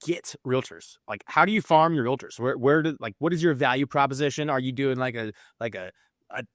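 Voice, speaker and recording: A man's voice: medium pitch, a little fast, fairly bright tone, no echo, clean studio sound. A man hosting an interview, asking probing questions that he often restarts mid-way. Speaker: podcast host.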